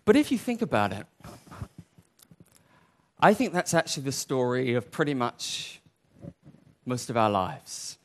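A man preaching a sermon in an animated way, acting out the voices he quotes. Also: mid-range voice, measured pace, long pauses.

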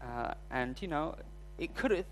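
A man's voice: on the high side, lively intonation, measured pace, slight background noise. A man preaching a sermon, telling a personal story in a candid, self-deprecating way. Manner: storytelling, voice rising when recounting frustration.

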